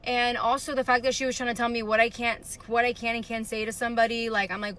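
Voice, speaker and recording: A woman's voice: a little high, little pitch movement, fast, hardly any pauses, fairly bright tone. A woman ranting about an argument in a casual, indignant way, full of "like" and restarts. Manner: indignant, rambling, lots of "like". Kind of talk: casual storytime rant.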